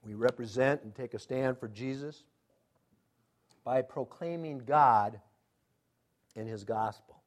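A male pastor preaching a sermon with emphatic rhetorical questions, swinging between loud pushes and quiet asides. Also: medium pitch, takes it slowly, pauses often.

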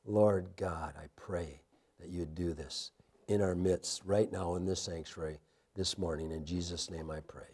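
A man preaching a sermon in a church sanctuary, with impassioned rises and a hushed closing prayer. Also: sits low, steady tone, a little slow, husky. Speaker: pastor.

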